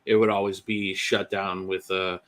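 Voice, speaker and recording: Male podcast guest, low pitch, sharp bright tone, candid testimony. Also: flat delivery, normal speed. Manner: candid storytelling with many fillers. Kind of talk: personal testimony.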